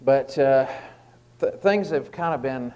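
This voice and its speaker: A man gives a relaxed, informal devotional, talking through scripture in an everyday tone. He pauses often, restarting phrases and filling gaps with "uh". His voice sits at an ordinary middle pitch. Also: clear, resonant tone, lo-fi sound. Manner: conversational, with frequent fillers and restarts. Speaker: lay preacher giving a short devotional.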